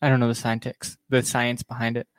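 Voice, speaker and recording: Brief: man with a dry teasing manner, quiet casual chat, dead close sound. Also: mid-range voice, completely flat delivery, a little fast, clean tone, no room sound. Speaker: groom-to-be.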